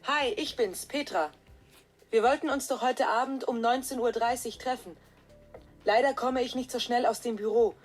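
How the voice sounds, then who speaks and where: A friendly woman voiced by an actress leaves a voicemail in a scripted exam listening recording. She speaks clearly and at an even pace in a fairly high voice, and faint music plays behind her. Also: normal speed, lightly acted. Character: friendly woman leaving a phone message. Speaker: voice actor in language exam audio.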